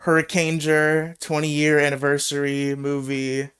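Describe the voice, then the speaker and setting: A man's voice: fairly high pitch, monotone, measured pace. A young man hosting a live talk show, joking, swearing freely and laughing often. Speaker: podcast host. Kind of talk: casual chat on a live show.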